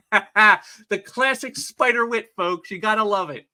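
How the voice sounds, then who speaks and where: A man's voice: high-pitched, takes it slowly, bright, forceful tone. Enthusiastic man chatting about comics. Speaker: comic book reviewer. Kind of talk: casual video commentary.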